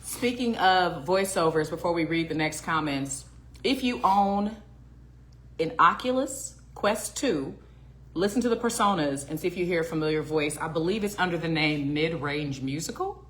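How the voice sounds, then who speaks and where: Playful woman with crisp diction. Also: fairly low pitch, animated, normal speed. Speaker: podcast host, voice actor. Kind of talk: casual chat.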